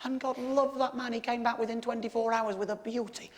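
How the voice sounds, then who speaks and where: A man telling a stand-up comedy story in an animated way, swearing and sometimes shouting. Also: extremely high pitch, a little fast, long reverb tail.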